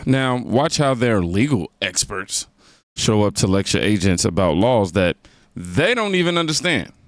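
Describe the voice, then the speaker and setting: A man's voice: on the low side, sing-song, a little slow, no room sound, studio quality. A man hosting a reaction video, delivering sarcastic, mocking commentary on news clips.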